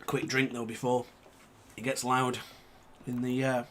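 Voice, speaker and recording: A slightly bright, medium-pitched male voice with flat, unhurried delivery belongs to a gaming YouTuber calling a racing game live. Frustrated and self-critical, he mutters and scolds himself often as motorbike game sounds and engine noise play behind him.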